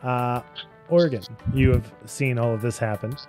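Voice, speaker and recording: A man's voice: mid-range voice, fairly even intonation, darkish tone, faint music behind. A man narrating a tabletop game as game master, playful and often laughing, with voices tossed into his narration. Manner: playful, laughing, voices characters in quick asides.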